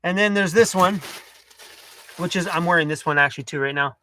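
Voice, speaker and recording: A Canadian man hosting a casual livestream from inside a camper van, chatty and loose, with frequent fillers and quick apologies. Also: fairly high pitch, noisy background. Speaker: livestream host.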